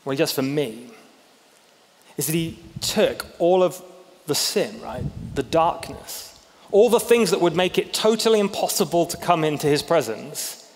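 A man preaches in an easygoing, conversational way, slipping into excited voices to act out the people in his stories. His voice sits a little high, and the sound carries the long reverb of a church hall. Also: normal speed. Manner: conversational, animated, acts out biblical characters' reactions. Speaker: pastor. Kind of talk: sermon.

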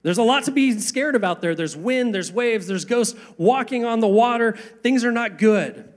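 A man preaching a sermon, earnest, asking rhetorical questions and slowing down for emphasis. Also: extremely high pitch. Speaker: pastor.

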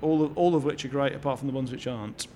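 A man's voice: mid-range voice, fast talker, a little mellow. A man chatting casually on a podcast, full of stammered restarts and strong opinions, recorded in a home garage studio. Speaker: podcast co-host. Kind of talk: casual chat.

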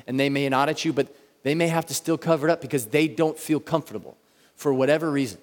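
A man in his thirties preaching a sermon in a church, talking in a conversational way and slowing down to stress key words. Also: fairly high pitch. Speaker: pastor. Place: church sanctuary. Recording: reverberant church hall.

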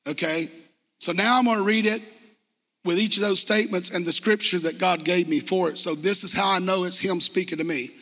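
A man with a high, bright, ringing voice shares his testimony from the pulpit. He talks earnestly and conversationally, then reads scripture aloud, and his words trail into a long church reverb. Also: a little fast. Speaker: church speaker giving testimony. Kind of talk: sermon testimony. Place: church hall.

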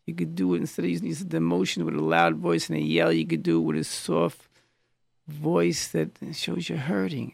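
Gravelly, dry-voiced rabbi giving a sermon. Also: male voice, fairly high pitch, big pitch swings, no echo. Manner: storytelling, acts out quoted lines; halting, restarts words.

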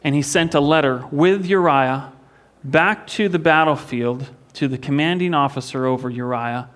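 Give me a man with a somewhat high voice preaching a sermon in a church. He tells the story earnestly and often repeats a word as he restarts a phrase. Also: normal speed, fairly bright tone. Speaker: pastor.

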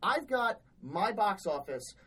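A woman's voice: medium pitch, sing-song, slow, fairly bright tone, breathy edge, poor audio. A woman co-hosting a podcast, telling work stories in a blunt, exasperated, heavily profane casual chat. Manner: blunt, exasperated, swears often. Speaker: podcast co-host.

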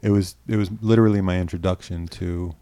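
A deep, gravelly middle-aged man from New York rambles through stories as a podcast guest, restarting his sentences and swearing freely. His tone is dark and mellow, and the close mic sounds dry with no room at all. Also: fairly even intonation, brisk, no room sound. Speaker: guest, filmmaker. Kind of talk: casual storytelling interview.

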